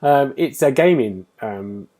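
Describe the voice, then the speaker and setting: Lively, expressive male podcast host. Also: medium pitch, slow pace. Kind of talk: casual podcast chat.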